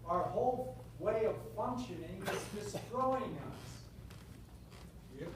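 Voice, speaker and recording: A man's voice: high-pitched, lively intonation, drawn-out words. A man in the audience earnestly asking a question at a town hall meeting. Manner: earnest, building to a plea. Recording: very echoey hall from far off with noise.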